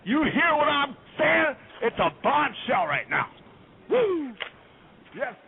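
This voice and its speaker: A man doing a loud, ranting impression of a famous wrestler over a phone line. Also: extremely high pitch, very animated, slow, gravelly, exaggerated voice. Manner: loud, ranting, shouting insults. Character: caller doing a loud Ric Flair impression.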